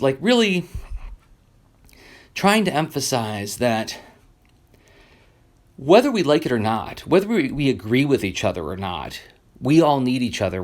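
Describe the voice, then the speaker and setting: A man in his forties, a comic creator and podcast host, talking earnestly in a reflective solo monologue, rambling with many fillers and restarts. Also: medium pitch.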